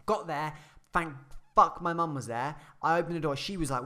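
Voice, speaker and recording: Fast-talking sweary young man. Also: a little high. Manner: rambling, sweary, animated retelling. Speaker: storyteller. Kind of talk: casual storytime.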